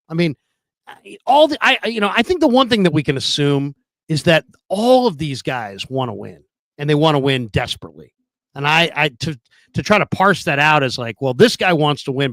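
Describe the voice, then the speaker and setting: A man's voice: fairly high pitch, big pitch swings, normal speed, a bit bright, no room sound. Argumentative man debating football. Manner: argumentative, questioning, many restarts. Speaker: podcast co-host. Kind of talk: casual sports debate.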